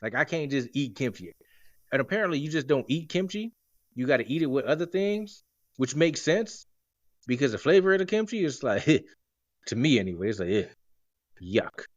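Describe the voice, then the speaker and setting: A man's voice: on the high side, very animated, a little fast, no echo. A man in his forties hosting a podcast, telling rambling stories in a joking, casual way. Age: 40s. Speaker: podcast host. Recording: dry, dull lo-fi sound.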